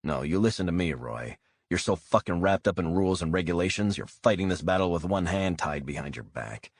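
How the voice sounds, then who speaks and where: Male reader as a tough, profane operative, low and husky. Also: expressive, a little fast, no echo. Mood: forceful. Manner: forceful, profane, blunt. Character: blunt, hot-headed male operative.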